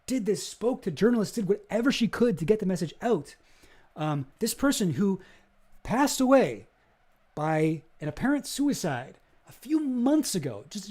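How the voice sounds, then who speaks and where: Young guy streaming, lively swooping voice, kinda high but mellow, swears a lot when he gets heated. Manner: animated, gets worked up, swears. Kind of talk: casual live-stream commentary.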